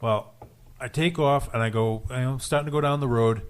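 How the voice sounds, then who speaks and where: A man's voice: medium pitch, moderate pace, clear, resonant tone. A man with a Rhode Island accent hosting a radio show in a studio, rambling through a driving story and laughing often. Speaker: radio show host and rideshare driver. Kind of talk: casual studio chat, telling an anecdote.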